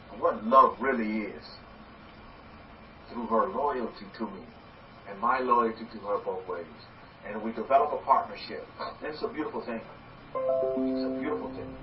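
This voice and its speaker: A man teaching as a rabbi in a lively sermon, acting out quoted voices and repeating words as he goes. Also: mid-range voice. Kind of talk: sermon-style teaching talk. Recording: echoey, distant, dull and slightly noisy.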